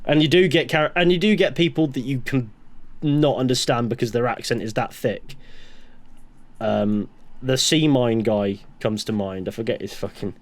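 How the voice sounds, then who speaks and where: A man's voice: medium pitch, normal speed. A young man from the West Country of England with a West Country accent touched by northern English, chatting on a podcast in a sweary, rambling way with many restarts. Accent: West Country English with some northern English. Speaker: podcast co-host. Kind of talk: casual chat.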